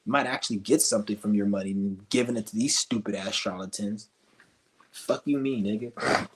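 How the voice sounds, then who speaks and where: A man's voice: lowish voice, fairly quick, a little hiss or hum. A male streamer ranting with scorn, rambling and cursing as he goes. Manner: profane, scornful, rambling rants. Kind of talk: ranting commentary.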